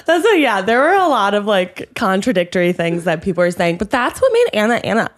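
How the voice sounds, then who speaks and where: A woman's voice: mid-range voice, big pitch swings, fairly quick. A woman co-hosting a podcast, chatting casually, laughing often and reading a listener letter aloud. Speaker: podcast co-host. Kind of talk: casual chat.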